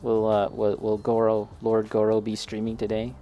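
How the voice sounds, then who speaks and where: A man's voice: fairly low pitch, monotone, moderate pace, highs cut off, soft background music. A man chatting casually while building a model kit, talking straight to a friend and laughing often.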